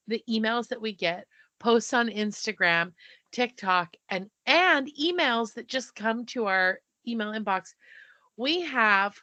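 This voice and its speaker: A woman's voice: mid-range voice, sharp tone, no room sound. This woman co-hosts a podcast and moves the talk along to listener letters. Her voice sits in a middle range and sounds close and dry, with no room around it. Her humor is dry and teasing. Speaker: podcast co-host. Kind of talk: casual chat, reading listener letters.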